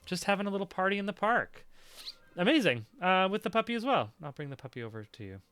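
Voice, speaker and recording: A man's voice: high voice, big pitch swings, fast, pushed and bright, faint music behind. A man running a tabletop game as game master, chatty and upbeat with many fillers.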